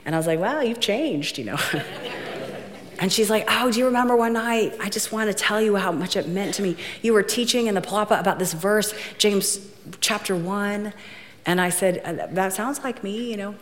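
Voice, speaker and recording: A middle-aged woman preaching a sermon, telling a story and acting out the dialogue in lively fashion. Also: medium pitch, normal speed. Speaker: guest preacher. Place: church auditorium. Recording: long hall reverb, faint music.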